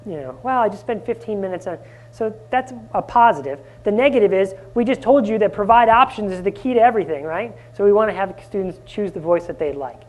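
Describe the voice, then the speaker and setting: A man presenting a live conference workshop, energetic and often asking the audience questions. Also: high voice, fairly quick, few pauses. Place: conference room.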